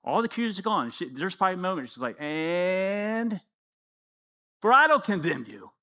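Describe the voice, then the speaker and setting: A man's voice: high-pitched, sing-song, moderate pace, pushed and bright. A man in his fifties preaching a sermon, acting out little dialogues with the Lord as he goes. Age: 50s. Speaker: pastor.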